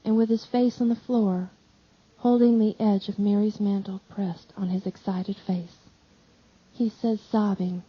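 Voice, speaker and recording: A woman reading a devotional text aloud in measured, solemn narration. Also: medium pitch, level tone, husky. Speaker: audiobook reader. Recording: slightly dull lo-fi audio.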